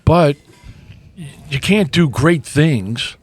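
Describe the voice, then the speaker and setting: A middle-aged man co-hosting a podcast, talking in an earnest, casual way with many restarts and a slightly hoarse throat. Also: on the high side, lively intonation, takes it slowly, soft background music. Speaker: podcast co-host. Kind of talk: casual chat.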